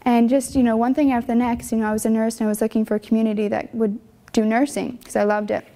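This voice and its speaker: A young woman religious sister shares her personal vocation testimony in a fairly high, level, warm voice, speaking fast. Her delivery is earnest and conversational, full of fillers and emotion.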